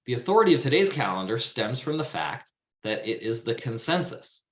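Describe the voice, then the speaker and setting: A man's voice: medium pitch, very animated, brisk. A man giving a Torah class in a conversational lecture style, often checking in with his listeners. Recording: roomy, dull lo-fi sound.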